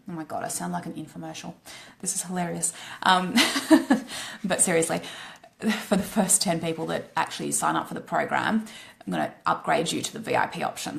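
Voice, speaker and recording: A woman coach with an Australian accent giving a blunt, casual live-stream pitch, swearing freely and tagging her points with "right?". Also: vocal fry.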